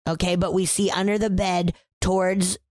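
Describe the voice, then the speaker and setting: A woman's voice: fairly low pitch, flat delivery, moderate pace, darkish tone, slight background noise. A woman co-hosting a podcast in casual chat, animatedly recapping a horror film, swearing and acting out the characters' lines. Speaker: podcast co-host.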